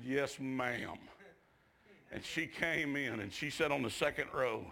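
Gravelly preacher telling a story. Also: male voice, mid-range voice, a little slow. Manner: shouts climaxes, drawls folksy asides. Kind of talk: revival sermon storytelling. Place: church.

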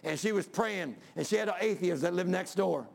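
Male preacher, high and gravelly, emphatic sermon in church. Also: a little fast. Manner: emphatic, repetitive, building to shouts. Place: church before a congregation.

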